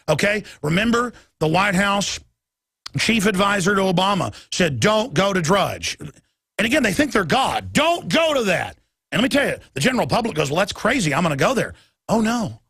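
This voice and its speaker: A man hosting a radio talk show, delivering a heated, emphatic monologue that swings between loud and soft. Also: on the high side, vocal fry, slightly rough, no echo, clean studio sound. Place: radio studio.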